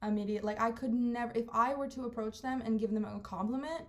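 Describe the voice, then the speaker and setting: A woman's voice: a little high, fairly even intonation, fast talker. A young woman hosting a podcast alone, rambling casually from thought to thought and filling her talk with "like". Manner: rambling, chatty, valley-girl fillers; self-interrupting, jumps between topics. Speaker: podcast host. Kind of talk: casual monologue.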